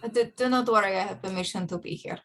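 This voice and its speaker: A woman putting on a stiff Russian accent for a visiting woman in a tabletop role-play, her words careful and halting. A faint hiss sits under the voice. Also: mid-range voice, fairly bright tone, lightly acted. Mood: earnest. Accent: Russian, put on.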